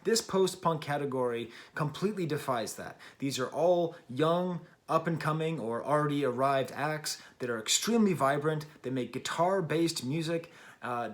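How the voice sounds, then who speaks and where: A middle-aged man hosting his own music review show, talking casually and unscripted, chatty and self-deprecating with frequent ums and restarts. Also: on the high side. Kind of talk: casual unscripted video talk.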